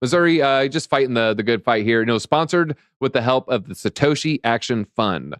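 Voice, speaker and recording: A man's voice: mid-range voice, animated, fairly quick, fairly bright tone, no echo, studio quality. A man co-hosting a casual crypto news show, reading headlines aloud and joking between them. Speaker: co-host.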